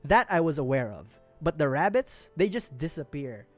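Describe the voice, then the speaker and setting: A man's voice: on the high side, big pitch swings, normal speed, no room sound, soft background music. A man from the Philippines, streaming, telling a story casually, laughing often and swearing freely.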